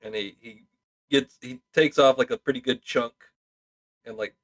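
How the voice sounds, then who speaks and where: A man's voice: medium pitch, steady tone, moderate pace, a bit bright, low-quality recording. Wry man joking through a tabletop game. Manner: wry, teasing. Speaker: player. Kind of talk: casual tabletop play.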